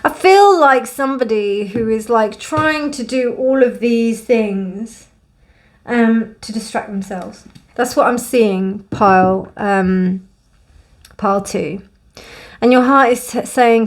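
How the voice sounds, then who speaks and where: A young woman gives a casual, gently emotional tarot card reading in a warm, reassuring way. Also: on the high side, slow. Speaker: tarot reader.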